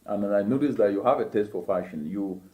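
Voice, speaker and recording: A man's voice: on the low side, brisk, reverberant, phone-quality sound. A man hosting a motivational interview show, speaking emphatically and preachily, with rhetorical questions. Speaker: host.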